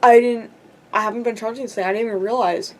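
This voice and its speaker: A teenage girl talks straight into her camera in a loose, rambling vlog rant. Her voice sits a little high for a woman. She sounds frustrated and self-deprecating, swears freely and keeps saying "like". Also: steady tone, fast talker. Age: teens. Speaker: vlogger.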